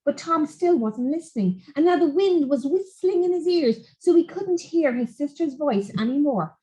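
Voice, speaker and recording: Animated woman reading a children's story. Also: high-pitched, normal speed, poor audio. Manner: animated, expressive.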